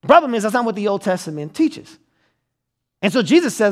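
High-voiced conversational male pastor preaching. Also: big pitch swings, brisk. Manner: conversational, checks in with the audience; acts out quotes with sudden loud outbursts. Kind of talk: sermon.

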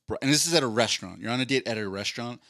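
A man's voice: mid-range voice, very fast, a bit bright, no room sound, clean studio sound. A man co-hosting a casual podcast, joking around and slipping into silly voices when he quotes people. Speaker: podcast co-host.

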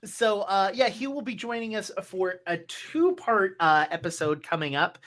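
A woman narrating a tabletop game as game master, halting with many restarts. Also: medium pitch, expressive, a bit bright.

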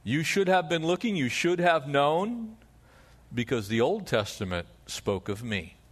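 A man pastor preaching a sermon, moving from emphatic rises to hushed, low drops. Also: big pitch swings, measured pace.

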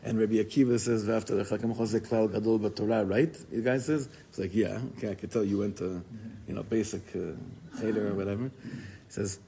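Man, rabbi teaching, gravelly voice, animated storytelling, faint hiss behind. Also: fairly low pitch, fairly quick, poor audio. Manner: animated storytelling, code-switching with Hebrew and Yiddish terms. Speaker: rabbi giving a Torah class. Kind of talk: informal Torah class.

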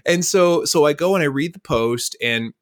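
Male guest, slightly high-pitched, animated storyteller who plays out conversations. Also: moderate pace. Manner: lively storyteller who acts out dialogue. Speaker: guest speaker.

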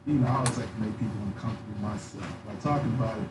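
Easygoing man, mid-pitched, loose chat in a roomy space with loud background noise. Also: rapid-fire. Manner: laid-back, peppers speech with "man" and "you know". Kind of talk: casual conversation. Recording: echoey room with loud noise.

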